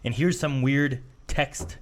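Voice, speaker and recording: A man's voice: mid-range voice, slow. A man co-hosting a podcast, telling an anecdote in casual chat and acting out what was said in a lifted voice. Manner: storytelling, quotes others in raised voice. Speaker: podcast co-host.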